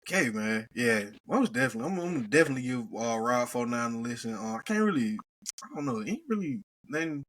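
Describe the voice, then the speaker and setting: A man's voice: mid-range voice, lively intonation, quick pace, a bit bright. A man co-hosting a podcast, talking casually and loosely about music, often stopping and restarting. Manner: laid-back, hesitant with restarts and slang. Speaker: podcast co-host. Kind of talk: casual chat.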